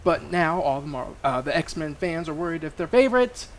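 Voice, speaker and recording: A man's voice: fairly high pitch, animated, brisk, a little hiss or hum. A man co-hosting a comic book podcast, reading news and making dry jokes. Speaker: co-host.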